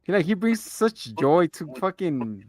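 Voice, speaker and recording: A man with a slightly raised pitch chats casually about a show, recapping scenes with animated, profane enthusiasm. His voice sounds dry and close, with faint music underneath. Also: a little slow, no room sound. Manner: animated retelling, swears casually. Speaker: podcast co-host reviewing a TV show. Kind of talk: casual chat.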